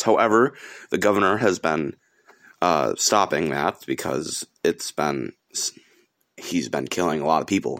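A teenage boy from upstate New York hosting a solo podcast, delivering an angry, profane, rambling rant. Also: deep voice. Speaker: podcast host.

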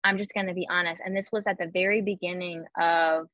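Young woman, chatty and bright, heavy on fillers, dry and slightly muffled sound. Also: on the low side, steady tone, fairly quick, no echo. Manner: chatty, full of "like" fillers, acts out her own quotes. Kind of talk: casual chat.

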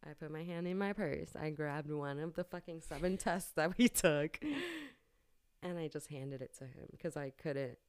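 Low-voiced young woman, candid and sweary. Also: moderate pace, darkish tone, smooth, no echo. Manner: candid, swears freely, laughs often. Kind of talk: casual storytelling chat.

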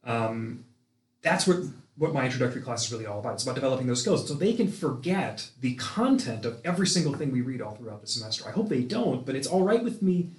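A man's voice: mid-range voice, big pitch swings, fast. Hesitant, thoughtful man in a roomy space. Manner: thoughtful, hesitant, many fillers and restarts. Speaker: philosophy instructor, guest. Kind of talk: casual conversational explanation.

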